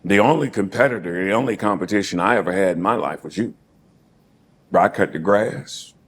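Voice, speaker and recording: A middle-aged man, a former pro football player, reminiscing as an interview guest in a casual, animated way, laughing often and repeating words. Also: low voice, a little fast, a little hiss or hum.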